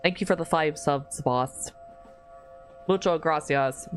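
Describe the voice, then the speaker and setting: A woman's voice: low-pitched, slow, faint music behind. A woman streamer chatting casually during a live game stream, swearing freely as she banters with her chat.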